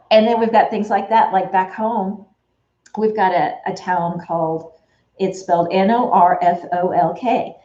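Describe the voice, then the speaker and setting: A woman's voice: on the low side, mellow. Rambling chatty woman, echoey room. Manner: rambling, chatty, many fillers and restarts. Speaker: Etsy shop owner. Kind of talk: casual chat while working. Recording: echoey, dull lo-fi room recording.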